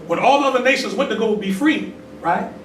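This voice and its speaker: A man's voice: sits high, lively intonation, a little fast, fairly bright tone. A man giving a call-and-response religious talk, conversational and full of "right?" tag questions. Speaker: temple leader giving a talk. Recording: echoey distant room recording with noise.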